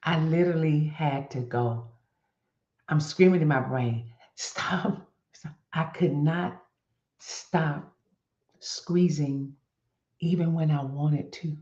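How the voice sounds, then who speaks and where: A woman hosting a faith-based wellness stream, talking straight to her viewers and coaching them through an exercise in a lively, animated way. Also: low-pitched, a little slow, roomy sound, lo-fi sound. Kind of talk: live-stream coaching talk.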